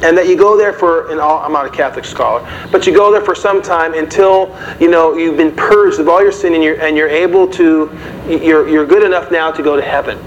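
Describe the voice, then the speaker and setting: A man's voice: fairly high pitch, brisk. A man preaching a sermon in a conversational way, often asking the audience questions. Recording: dull, slightly noisy recording.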